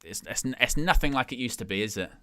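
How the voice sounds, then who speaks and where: A man's voice: medium pitch, lively intonation, fast, pushed and bright, no echo, clean studio sound. A man hosting a live stream, giving casual watch-along commentary and thinking aloud as he talks.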